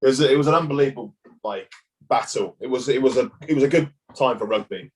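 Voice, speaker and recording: A relaxed man in his thirties chats as a podcast guest, with a voice pitched right in the middle of a man's range. He spins laid-back sporting yarns, drops the odd swear word, and keeps the talk light. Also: fast, rough recording. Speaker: guest, former rugby player. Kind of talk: casual chat.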